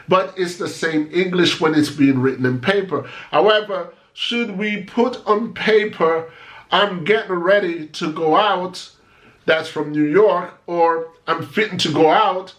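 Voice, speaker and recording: A young Jamaican man talks straight to his channel's viewers in an easy, conversational way. He poses questions and works through examples as he explains, and his voice sits a little on the high side. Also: fairly bright tone. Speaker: vlogger. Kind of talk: casual commentary to camera.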